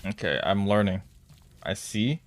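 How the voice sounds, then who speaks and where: A man chatting casually in a co-op game, goofy and quippy, often excitable. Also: lowish voice, a little slow. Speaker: gamer. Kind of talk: casual co-op gaming chat.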